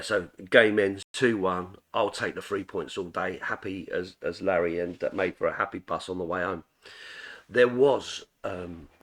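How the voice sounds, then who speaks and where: Low-voiced football fan. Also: male voice, fairly bright tone. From England. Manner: rambling, full of restarts and fillers. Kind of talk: casual match review vlog.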